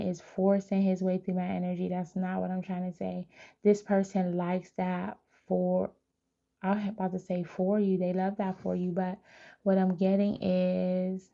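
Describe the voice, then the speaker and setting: Woman psychic reader, gravelly and flat, chatty direct-to-viewer delivery. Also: mid-range voice, muffled recording. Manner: chatty, animated, talks straight to viewers. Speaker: tarot reader. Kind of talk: live psychic reading.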